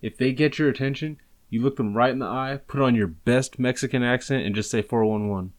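A man trading crude jokes with friends in loose conversation. He swears freely and tells stories with a rambling, offhand delivery. His voice sits at an ordinary middle pitch. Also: fairly quick. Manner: crude, joking, heavy swearing. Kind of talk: casual chat.

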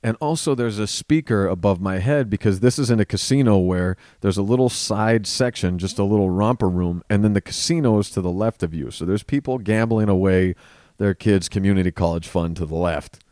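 A man, a comedian guest on a podcast, telling stories in casual chat with lively swearing. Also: on the low side, fairly quick, no echo, clean studio sound. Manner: animated storyteller, swears freely.

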